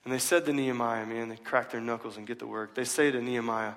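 A man's voice: mid-range voice, brisk, fairly bright tone. A male pastor preaching a sermon in a casual, emphatic way, full of slang, in a church. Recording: long reverb of a large hall.

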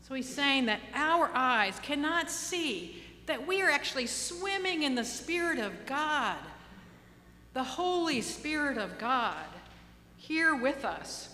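A woman pastor giving a sermon, earnest and direct, slowing down for emphasis and dropping into casual asides. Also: high-pitched, big pitch swings, bright, forceful tone, big-room sound, a little hiss or hum.

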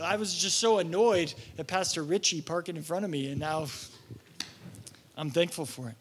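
A man's voice: sits high, a little fast, fairly bright tone. A young man preaching a sermon as pastor, telling stories animatedly and acting out his own exasperation.

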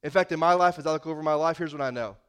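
A man's voice: fairly high pitch, very fast, a bit bright, smooth. A male pastor preaching a sermon in a folksy, conversational manner.

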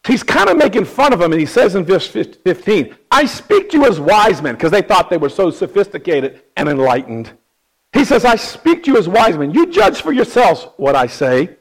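Pastor, hoarse and gravelly, high lively delivery, impassioned sermon. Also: male voice, normal speed, poor audio. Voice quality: raspy, gravelly. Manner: impassioned, rising to emphatic questions.

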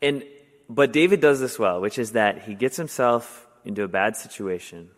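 A man's voice: fairly low pitch, moderate pace. Casual young male preacher in reverberant hall. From Wisconsin, US. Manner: casual, conversational with many fillers, animated when telling stories. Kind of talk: sermon.

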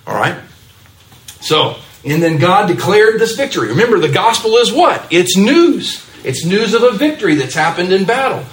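A man preaching a sermon to a congregation, often checking in with "right?" and stretching key words slowly for emphasis. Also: high voice, sing-song, recorded from a distance. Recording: roomy echo, speaker away from mic.

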